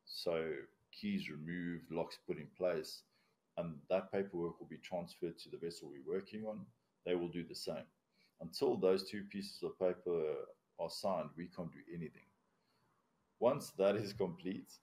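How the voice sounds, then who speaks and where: His deep, darkish voice moves a little slowly as this commercial diver, speaking with a non-native English accent, walks through procedures step by step in a casual podcast interview, blunt and casually profane.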